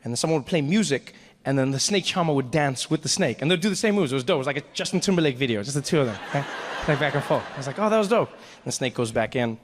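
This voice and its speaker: A man's voice: racing, in a large hall, a little hiss or hum. A male stand-up comedian telling a story on stage, acting out the people in it with big jumps in his voice. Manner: animated, acts out characters with big pitch jumps.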